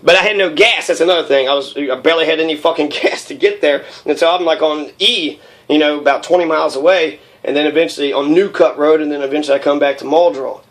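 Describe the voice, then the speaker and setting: A man's voice: a little high, fast, a bit bright. A man in his thirties in a raw, rambling personal monologue, profane and heated, with many fillers. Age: 30s.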